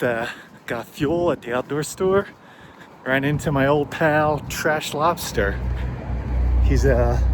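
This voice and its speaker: Relaxed chatty man outdoors in town. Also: on the high side. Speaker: thru-hiker vlogger. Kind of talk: casual vlog narration. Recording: outdoor street noise.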